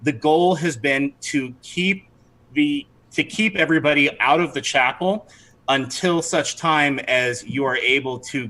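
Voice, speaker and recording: A man's voice: mid-range voice, pushed and bright, low-quality recording. A man narrating a tabletop game as game master, chatty, with frequent restarts. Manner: chatty, with many restarts and fillers.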